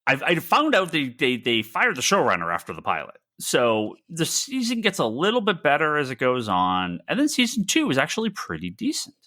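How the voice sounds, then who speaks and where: Animated, bright-voiced man ranting. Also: a little high, fairly quick, hardly any pauses, no room sound, clean studio sound. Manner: animated ranting, swearing, acts out his own past reactions. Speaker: podcast co-host. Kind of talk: casual chat.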